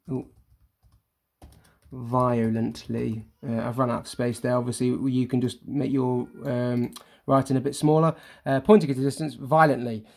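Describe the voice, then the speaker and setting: Young male teacher with a gravelly edge, talking through a recorded lesson, informal and full of ums. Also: medium pitch. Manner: hesitant, many ums and self-corrections, chatty and informal. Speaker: primary school teacher.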